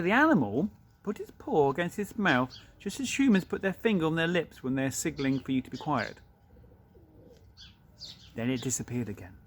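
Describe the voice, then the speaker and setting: A man's voice: mid-range voice, slight background noise. A male teacher reading a storybook aloud to his class, breaking in with chatty asides.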